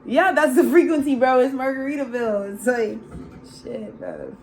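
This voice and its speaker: A woman's voice: sits high, fairly quick, darkish tone, a little hiss or hum. A woman giving a casual, channeled tarot reading, slangy and loose, calling listeners bro and laughing often. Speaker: tarot reader.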